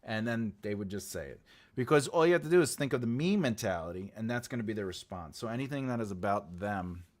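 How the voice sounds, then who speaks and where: A man's voice: lowish voice, lively intonation, fast. A man hosting a casual livestream, rambling and laughing as he chats and tells jokes. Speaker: livestream host.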